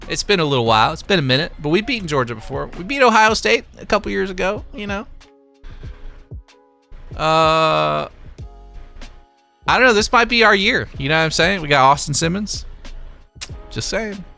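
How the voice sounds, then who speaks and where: A man's voice: a little high, expressive, moderate pace, creaky, long pauses, pushed and bright, faint music behind. A young man hosting a live stream, reading chat and donations aloud in a laid-back, chuckling way. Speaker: livestream host reading chat.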